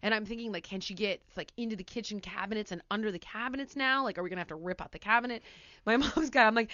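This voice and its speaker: A woman hosting a podcast, telling a story in casual chat, animated and acting out quotes loudly. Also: a little high, very fast, no room sound, lo-fi sound. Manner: animated, breaks into laughter, acts out quotes loudly. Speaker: podcast host.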